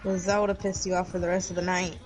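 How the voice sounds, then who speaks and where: A woman's voice: fairly low pitch, flat delivery, quick pace, darkish tone, soft background music. A woman in casual gaming voice chat, giving brief and blunt replies. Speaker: gamer in voice chat.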